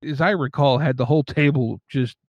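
A man co-hosting a chat about tabletop games, thoughtful and a little halting, with chuckles between his remarks. His pitch is mid-range. The sound is muffled and lo-fi, with a dry, close feel. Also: a little mellow, dry recording. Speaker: podcast co-host.

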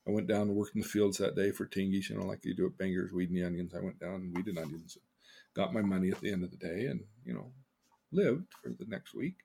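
An older man, a podcast host, earnestly telling personal stories, his voice swinging between loud and hushed. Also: sits low, fast talker, creaky, slightly rough. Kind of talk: personal storytelling.

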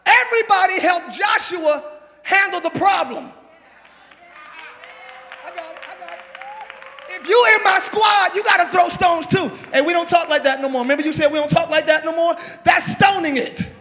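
Black preacher guy, gravelly high voice, yelling to the congregation, live church reverb. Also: moderate pace. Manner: preaching in bursts, calling on the congregation to answer. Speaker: pastor. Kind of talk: sermon. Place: large church hall before a congregation. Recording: live church hall with long reverb, crowd noise.

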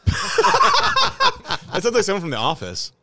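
A man's voice: high-pitched, huge pitch swings, slow pace, very noisy. Blunt, cussing podcast host, man. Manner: blunt, profane ranting. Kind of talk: casual chat.

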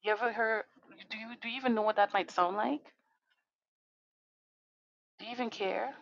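A woman's voice: medium pitch, steady tone, normal speed, gravelly, a bit bright. A woman hosting a podcast, delivering an impassioned monologue that is angry, profane and full of rhetorical questions. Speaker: podcast host. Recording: dull dry lo-fi recording.

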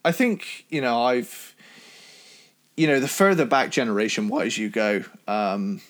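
A man from Cornwall with a British accent, co-hosting a casual album review chat in an enthusiastic, talkative way. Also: a little slow. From Cornwall, England. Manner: enthusiastic, chatty, jumps in pitch when excited. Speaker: podcast co-host reviewing albums.

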